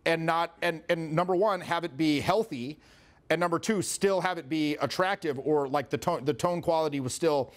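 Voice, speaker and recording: A man coaching a live seminar audience, talking casually and animatedly and swearing often. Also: a little high. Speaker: social skills coach.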